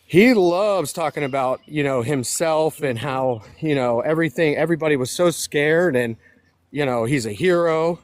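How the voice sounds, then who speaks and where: A man's voice: on the high side, moderate pace. A man co-hosting a casual political chat, out of breath while walking outside by a road, joking and sarcastic. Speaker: co-host.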